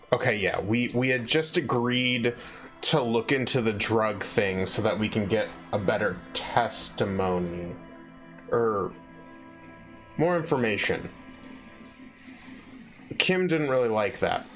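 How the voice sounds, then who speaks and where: A man's voice: lowish voice, fairly bright tone. A man streaming a game, chatting casually with viewers and reading the game text aloud in a playful way. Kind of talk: casual gameplay commentary.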